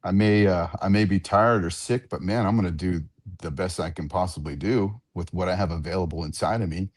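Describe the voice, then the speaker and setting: A man with a low, deep voice tells stories in a casual radio interview. He is animated and self-deprecating and often repeats words as he goes. He is an octagon announcer talking about his work. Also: a little fast. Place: radio studio.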